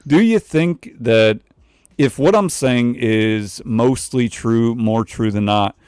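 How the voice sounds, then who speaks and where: A man hosting a casual livestream chat, loose and joking, talking in quick bursts. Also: mid-range voice, a little mellow, clear, resonant tone, no room sound, studio quality. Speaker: livestream host.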